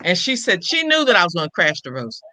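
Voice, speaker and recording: An older woman, a comedian and impressionist, telling a story in an interview and acting out every quoted line with lively shifts in voice. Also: on the low side, fast talker, no echo, poor audio.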